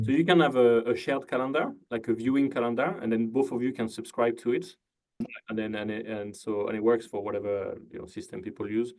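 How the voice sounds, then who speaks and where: A man hosts a casual video-call interview in a mid-range, darkish voice, talking fairly quickly with fairly even intonation. Easygoing, he fills gaps with "you know" and "uh" and asks leading questions.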